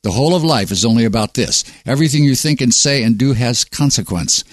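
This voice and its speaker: A man's voice: medium pitch, animated, a little fast, dry recording. Male host, sardonic and preachy monologue, dry close-miked sound. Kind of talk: reading a monologue.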